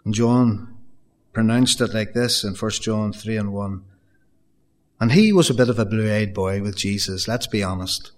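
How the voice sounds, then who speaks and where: A man's voice: fairly low pitch, measured pace. A man preaching a sermon in an earnest style, repeating phrases for emphasis and addressing the congregation directly. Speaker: pastor.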